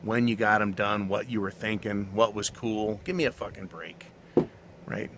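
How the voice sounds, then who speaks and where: A man's voice: fairly low pitch, normal speed, background noise. A man hosting his own show, delivering a blunt, profane, mocking monologue. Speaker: show host. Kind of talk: ranting monologue.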